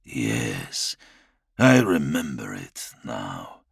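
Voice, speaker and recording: A man voicing a brooding, half-mad male warlord prince with a slow, low, menacing delivery. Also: huge pitch swings, gravelly, breathy edge, dry recording, clean studio sound, exaggerated voice. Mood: brooding menace.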